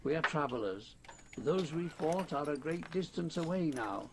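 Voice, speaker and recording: A wounded but steady warrior companion in a fantasy audiobook. His voice is a little raised and gravelly. He speaks wanly and evenly. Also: on the high side, normal speed, heavy background noise. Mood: weary. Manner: wan, steady. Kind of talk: audiobook character reading.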